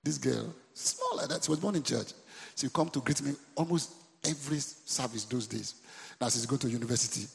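In an echoing church hall, a Nigerian pastor delivers his sermon a little fast, his voice heavily gravelly and mid-pitched. Again and again he calls to the congregation, repeating his lines for emphasis.

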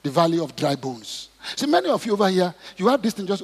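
A middle-aged man preaching a sermon, acting out prayers and Bible stories and rising to shouts. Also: high voice, sing-song, fast talker, breathy edge. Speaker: pastor. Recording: long hall reverb.

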